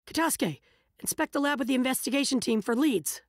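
A woman's voice: sits high, lively intonation, brisk, dry recording. A woman voicing a commanding adult male village leader in a game cutscene, urgent and giving orders. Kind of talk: video game cutscene dub.

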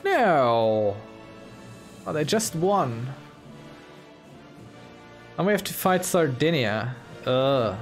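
Slow, gravelly man playing a game. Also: a little high, lively intonation. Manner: musing, self-talking, playful. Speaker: gaming video host. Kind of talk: casual let's-play commentary. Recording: soft game music behind.

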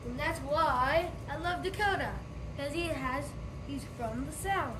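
A woman with a British accent jokes around outdoors, tacking "mate" onto almost every line. Her voice sits high and her talk is slow and unhurried. Loud background noise from passing vehicles runs under the recording. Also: roomy sound, far from the mic. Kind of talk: playful casual vlog chatter. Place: outdoors, riding scooters and bikes.

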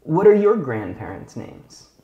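A man teaching English possessives in a video lesson, speaking slowly and clearly and often checking in with the viewer. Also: fairly high pitch, big pitch swings, echoey room, lo-fi sound. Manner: slow, clear teacher talk with frequent check-in questions.

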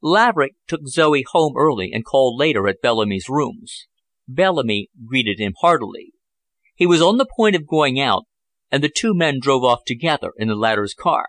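A man narrating a novel chapter as an audiobook, in a measured, even storytelling manner. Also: mid-range voice, dry recording. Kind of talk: scripted narration.

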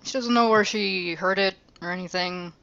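A woman's voice: medium pitch, normal speed, vocal fry, a bit bright, lo-fi sound. A woman co-hosting a game let's play in casual chat, swearing freely and laughing often.

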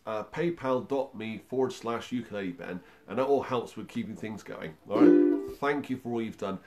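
A man with a medium-pitched, slightly mellow voice hosts a music livestream for young children, talking in a friendly, upbeat, encouraging way to the kids and their parents with plenty of fillers. There's a faint hiss or hum.

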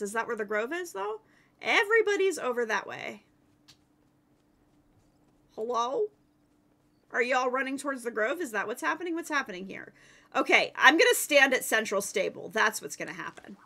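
A woman streaming a game live, chatting playfully with viewers and teammates, excitable and given to yelling. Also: high-pitched. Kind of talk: casual live-stream chat while playing.

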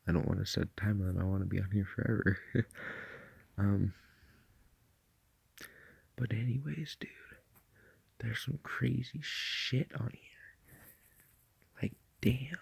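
A man's voice: lowish voice, steady tone, slow, gravelly, long pauses, slightly rough, dry recording. A man rambling through a casual vlog from his bed at night, full of fillers and swearing. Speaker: vlogger.

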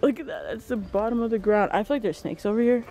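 Walking through the woods with a handheld camera, a vlogger with a mid-range voice talks fast in a casual outdoor video. They exclaim and call out to pets amid background noise.

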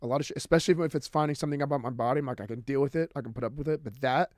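A man's voice: medium pitch, very fast, a little mellow, no echo, clean studio sound. A man co-hosting a podcast, telling a personal story in casual chat and swearing freely. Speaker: podcast co-host.

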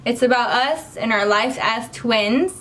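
A woman's voice: a little high, unhurried, a bit bright, a little hiss or hum, rough recording. A young woman vlogging with her twin sister, eager and chatty in casual talk. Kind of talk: casual chat.

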